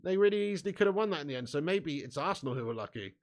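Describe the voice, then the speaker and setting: A man hosting a casual live stream, reading out viewer comments in excitable, laughing, sweary, matey banter. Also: a little high, very fast.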